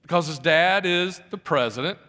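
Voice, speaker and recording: A man's voice: a little high, moderate pace, bright, forceful tone. A man preaching a conversational sermon, repeating phrases and putting questions to the congregation. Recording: long hall reverb.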